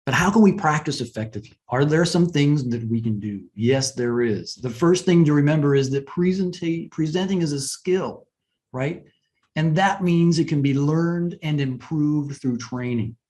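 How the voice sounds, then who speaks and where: A man's voice: fairly high pitch, a little slow, darkish tone. Man teaching presentation skills, conversational. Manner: conversational, frequent "right?" and "and so". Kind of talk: webinar lesson.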